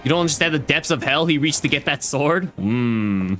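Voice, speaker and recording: A man streams a game and jokes along with the characters in casual commentary. His voice is bright and fairly high, and its pitch moves around a lot. Soft music plays underneath. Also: animated, normal speed. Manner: joking, playful banter with the screen.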